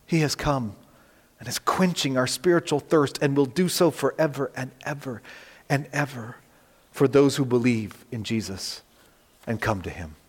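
A man's voice: mid-range voice, moderate pace, slightly rough, in a large hall. A man preaching a sermon as pastor, speaking directly to his listeners and repeating key points with emphasis. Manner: earnest, direct appeals to listeners with emphatic repetition.

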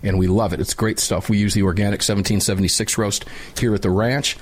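A man hosting a talk radio show, speaking in a blunt, opinionated and animated way. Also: on the low side, fast talker, husky. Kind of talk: casual talk radio chat. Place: radio studio.

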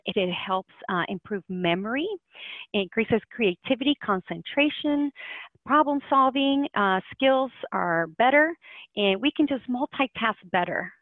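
A woman's voice: a little high, animated, unhurried, dry recording. A woman guest in a podcast interview, talking with energy and lots of fillers and restarts. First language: Spanish. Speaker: podcast guest, language teacher. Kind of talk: casual interview talk. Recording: tinny phone line, dry.

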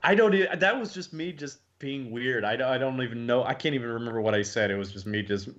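A man's voice: mid-range voice, fast talker, hardly any pauses, a bit bright, lo-fi sound. A man from the American South, a guest actor chatting loosely in an interview, often restarting his sentences. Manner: loose, rambling, frequent restarts. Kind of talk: casual interview chat.

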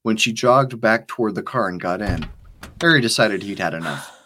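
A man, the author, reading his spy thriller aloud in a steady, measured narration. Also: lowish voice, slight background noise. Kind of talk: scripted audiobook narration.

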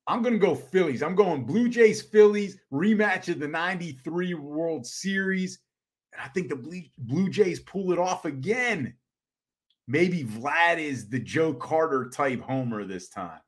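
A middle-aged man co-hosting a sports podcast in casual chat, animated and quick to laugh. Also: a little high. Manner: animated, laughs easily, restarts often. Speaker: podcast co-host.

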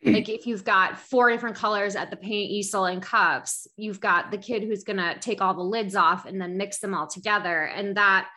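Bright, chatty woman saying "like". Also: medium pitch, normal speed. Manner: chatty, giggly, uses "like" a lot. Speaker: podcast co-host, early childhood educator. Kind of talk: casual chat.

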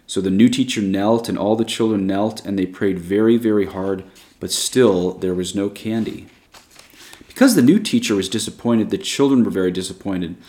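Low-voiced man reading a story. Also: moderate pace, darkish tone. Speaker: narrator.

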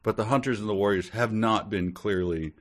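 Deep-voiced podcast guy reading a book out loud, dry wry jokes. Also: a little fast. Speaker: podcast co-host. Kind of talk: casual chat, reading a book aloud.

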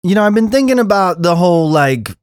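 A man's voice: high-pitched, a little fast, clear, resonant tone, no echo, studio quality. A man in his thirties hosting a solo podcast, ranting casually and swearing often. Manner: animated, profane, ranting. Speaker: podcast host.

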